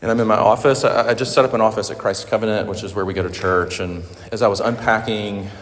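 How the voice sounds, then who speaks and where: A man preaching a sermon, earnest and emotional, halting with fillers. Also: lowish voice, fairly even intonation, a little hiss or hum. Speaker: pastor. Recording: echoey hall with long reverb.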